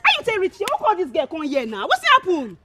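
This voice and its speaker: A hot-tempered Pidgin-speaking brawler. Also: female voice, very high-pitched, wildly swooping pitch, quick pace, exaggerated voice. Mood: angry. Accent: Nigerian Pidgin. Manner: combative, shouting threats. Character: hot-tempered young woman, quick to threaten. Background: loud film score.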